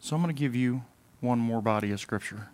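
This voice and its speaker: Man preaching with loud and soft swings. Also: medium pitch, brisk. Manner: conversational, swings between loud emphatic bursts and quiet asides; mimics whining voices in a comic way. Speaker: pastor. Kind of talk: sermon.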